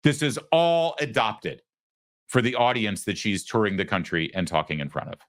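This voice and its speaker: A man's voice: fairly low pitch, normal speed, dry recording. A man hosting a show, giving opinionated political commentary with frequent stammered restarts. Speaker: host.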